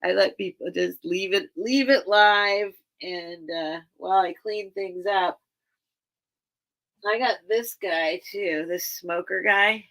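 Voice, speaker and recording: Gravelly, bright-voiced woman chatting on a livestream. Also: medium pitch, takes it slowly. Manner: rambling and earnest, many restarts. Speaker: livestream seller and host. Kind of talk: casual livestream chat with viewers.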